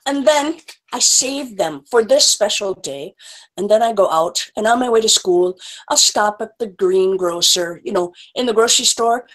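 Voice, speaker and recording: A woman with a slightly high voice tells stories to children over a video call. She is playful and animated, and she throws in animal sounds as she goes. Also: poor audio. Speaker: children's storyteller.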